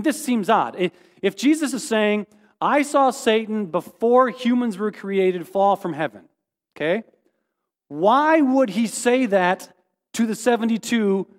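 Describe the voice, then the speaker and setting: A man preaching a sermon as pastor, lively and animated, acting out quoted voices and putting questions to his listeners. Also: sits high, big-room sound.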